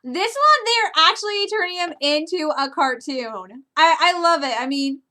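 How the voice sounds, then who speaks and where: A woman in her twenties from Michigan gushing casually about a movie trailer in a reaction video, excitable and quick to laugh. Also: very high-pitched. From Michigan, USA.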